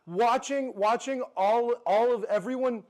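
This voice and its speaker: A young man, a guest on a casual sports chat on a patio, excitable, stammering and saying "yeah" over and over. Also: extremely high pitch, measured pace. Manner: excitable, repeats "yeah" a lot, stammering restarts. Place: outdoor patio.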